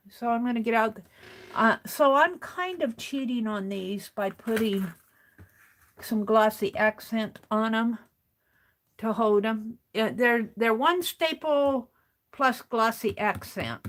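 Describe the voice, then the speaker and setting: A woman with a fairly high voice speaks slowly while hosting a craft livestream. She chats casually and rambles to herself as she works.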